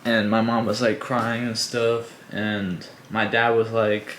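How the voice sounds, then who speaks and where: A man's voice: fairly low pitch, level tone, measured pace, hardly any pauses, a bit bright, a little hiss or hum. A young man, the boyfriend, adding his side in a casual chat with brief, plain remarks and fillers. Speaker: boyfriend guest.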